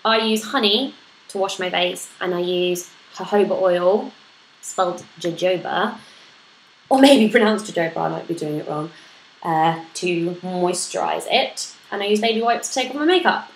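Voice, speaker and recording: A woman's voice: lowish voice, expressive, moderate pace. A woman, chatting casually to camera as she answers questions about motherhood, often laughing at herself. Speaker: vlogger answering a parenting tag. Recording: echoey room with faint noise.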